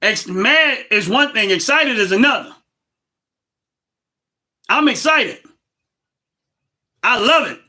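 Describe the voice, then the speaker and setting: A man, hosting a livestream and ranting about politics loudly and emphatically, repeating his points. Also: very high-pitched, animated, slow pace, pauses often. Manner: loud, emphatic and repetitive, laughs between points. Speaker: livestream host.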